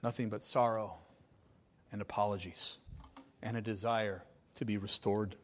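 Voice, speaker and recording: A man's voice: on the low side, steady tone, unhurried. Emphatic male preacher. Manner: emphatic, repeating phrases and building to loud climaxes. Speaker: pastor. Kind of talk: sermon.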